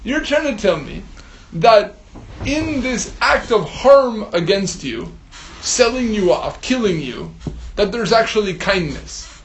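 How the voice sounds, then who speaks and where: A man's voice: sits high, very animated, takes it slowly, slight background noise, exaggerated voice, poor audio. A man voicing a fish from a spoken story who argues back in disbelief. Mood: incredulous. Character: indignant male fish arguing back.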